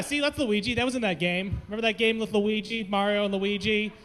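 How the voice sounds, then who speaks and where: A man from the American South co-hosting a live comedy show, loud, playful and exclamatory, working the crowd. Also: high-pitched, a little fast, hardly any pauses. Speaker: comedy co-host. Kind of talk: stand-up hosting with crowd work. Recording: echoey hall.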